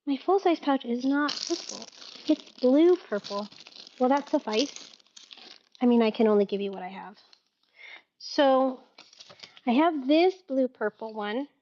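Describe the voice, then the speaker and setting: A woman's voice: sits high, animated, unhurried, pauses often, warm tone, lo-fi sound. A woman hosting a casual live-stream sale, chatty and giggly, often laughing at herself.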